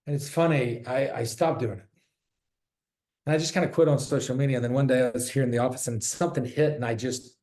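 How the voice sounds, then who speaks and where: Mellow-voiced man in an echoey office. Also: medium pitch, fairly quick. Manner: candid and jokey, swears freely. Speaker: real estate agent giving a talk. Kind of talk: casual presentation. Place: his office. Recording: roomy echo.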